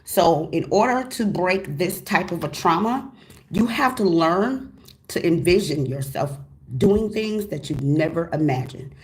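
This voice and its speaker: A tarot reader hosting her own channel gives a casual, motivational reading in a lowish voice. She talks emphatically, using slang, repeated phrases and excited exclamations.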